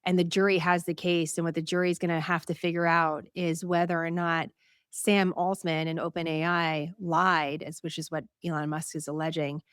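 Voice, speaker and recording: A woman hosting a news show, talking casually to a live audience in a chatty, animated way, laughing and asking viewers what they think. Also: low voice, no room sound, clean studio sound.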